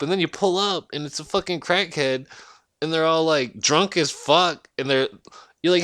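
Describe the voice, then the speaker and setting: A man's voice: a little high, normal speed, fairly bright tone, no room sound, clean studio sound. A man rambling through a profane rant at home, swearing constantly, trailing off and restarting his sentences. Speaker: vlogger ranting to camera.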